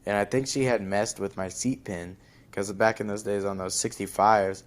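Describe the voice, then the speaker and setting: A young man with a deep, low-pitched voice hosts a casual podcast. He tells a long story in a loose, rambling way, leaning on fillers and likes as he goes. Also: steady tone, moderate pace. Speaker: podcast host.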